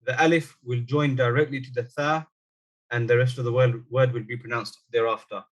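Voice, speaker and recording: In an online Arabic lesson, a man explains things step by step, slowly repeating example words. His voice sits at medium pitch with a level tone.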